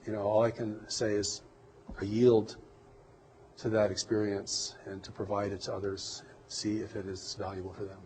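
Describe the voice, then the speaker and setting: A man giving an interview, speaking in a measured, reflective way with some halting pauses. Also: on the low side, level tone, darkish tone, a little hiss or hum, low-quality recording. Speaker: interview guest. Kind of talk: earnest interview conversation.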